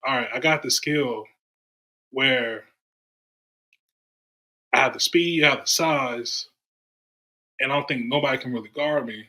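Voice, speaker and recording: A man's voice: mid-range voice, a little slow, long pauses, rough recording. A man from Durham, North Carolina, a podcast guest telling stories in casual chat and acting out the voices of the people he quotes. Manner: animated storyteller, acts out quoted voices.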